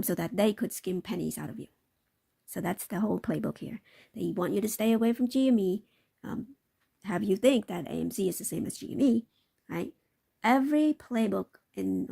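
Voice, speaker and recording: A woman's voice: mid-range voice, creaky, dark tone, slightly rough. A woman hosting a live stream, commenting on market clips in a loose, repetitive way and often tagging her points with a question. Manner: talks in a loose, repetitive way with frequent tag questions. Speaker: livestream host.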